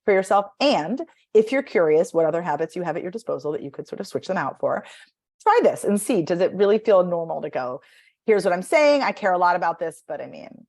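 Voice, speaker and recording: A woman's voice: fairly low pitch, lively intonation, brisk, darkish tone. A woman speaking as a voice and speech coach in a podcast interview, animatedly demonstrating vocal patterns by acting them out.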